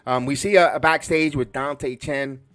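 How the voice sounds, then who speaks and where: A man from the Bronx hosting a podcast, reviewing a wrestling show in a rambling, excitable way full of restarts. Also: mid-range voice, normal speed, smooth, no room sound. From the Bronx, New York. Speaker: podcast host.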